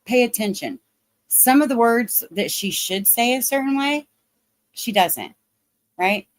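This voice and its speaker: A woman's voice: a little high, lively intonation, unhurried, no room sound. A woman with a Southern Ohio accent ranting bluntly and profanely as she comments on a livestream. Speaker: drama commentary streamer.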